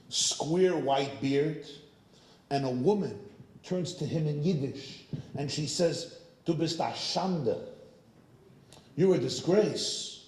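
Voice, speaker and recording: A man's voice: mid-range voice, reverberant. A man preaching as a rabbi in a synagogue, telling humorous anecdotes. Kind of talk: sermon with storytelling.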